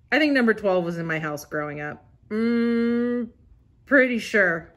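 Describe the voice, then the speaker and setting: A woman giving casual, excitable commentary as she flips through an old catalog, reading items aloud and reacting. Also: on the low side. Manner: chatty and excitable, gasps and laughs at items. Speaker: vintage catalog vlogger.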